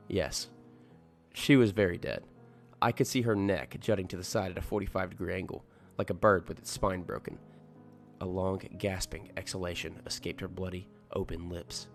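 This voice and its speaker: A man's voice: low voice, creaky. A man reading a horror story aloud as a scripted narration, tense and dramatic. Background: music.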